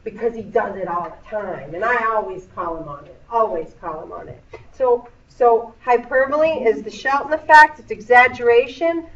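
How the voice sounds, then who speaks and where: A woman's voice: fairly high pitch, normal speed, fairly bright tone, distant mic. A woman teaching a middle school English lesson in a classroom, explaining patiently with playful asides. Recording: echoey classroom recorded from afar, dull.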